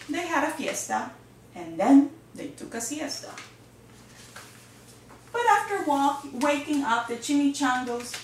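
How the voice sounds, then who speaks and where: Teacher read-aloud: expressive woman, slightly high voice, echoey room, mic far off. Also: slight background noise. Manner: lively, expressive. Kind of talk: reading a picture book aloud.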